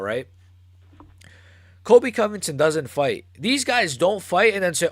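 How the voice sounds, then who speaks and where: A young man hosting a live fight reaction stream, ranting excitably and swearing, recorded close to the mic. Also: a little high, normal speed, no room sound. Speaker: MMA channel host.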